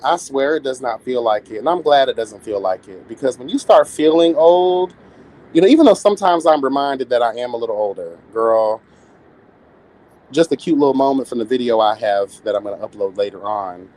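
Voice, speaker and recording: A man in his late thirties hosting a livestream, chatting with viewers in a sassy, campy, animated way. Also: medium pitch, brisk. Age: 30s. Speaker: livestream host. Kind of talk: casual chat with viewers.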